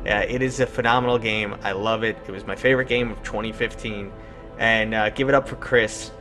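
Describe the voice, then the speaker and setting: A man's voice: fairly low pitch, fairly even intonation, brisk, music in the background. A man with a New York City accent hosting a casual interview, joking and enthusiastic. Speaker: host.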